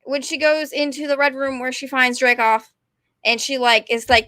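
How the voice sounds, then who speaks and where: A woman, rambling and animated as she chats casually to her stream viewers. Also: high-pitched, normal speed, no echo, studio quality. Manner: rambling, animated, talks to chat. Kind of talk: casual ranting chat to viewers.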